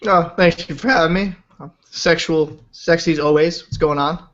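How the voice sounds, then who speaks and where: A man's voice: a little high, fairly even intonation, moderate pace, fairly bright tone. A young man from Rhode Island, a podcast guest who jokes brashly and swears a lot. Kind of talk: casual podcast chat. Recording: dull lo-fi voice chat audio.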